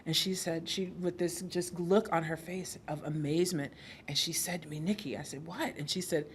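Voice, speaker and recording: A woman who works as a birth worker, telling an animated story in a speech at a podium in an event hall. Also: sits low, moderate pace, a little hiss or hum.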